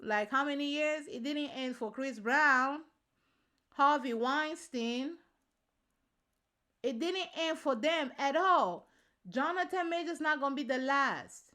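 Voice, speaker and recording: Emphatic high-voiced woman vlogger. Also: animated, slow, bright, forceful tone. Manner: emphatic, repeats points for stress; slangy, informal address to viewers. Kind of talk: casual opinion commentary to camera.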